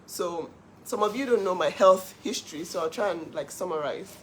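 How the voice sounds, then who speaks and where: A woman who sells cookware, talking casually on a livestream in an animated, emphatic way and laughing often. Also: on the low side, moderate pace, slight background noise. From Nigeria. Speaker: cookware seller hosting a livestream.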